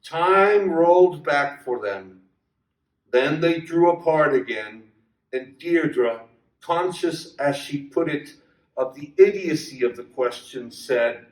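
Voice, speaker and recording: A man reads a short story aloud in a measured, deliberate manner at an unhurried pace. His voice sits fairly high. The recording is roomy, with the mic well away from him. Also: lively intonation. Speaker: reader at a reading circle. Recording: echoey room, distant mic.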